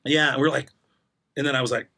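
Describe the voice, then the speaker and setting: A man's voice: medium pitch, fairly even intonation, fast, bright, forceful tone. A middle-aged man, a podcast guest, candidly telling his story in casual interview talk and acting out the voices he quotes.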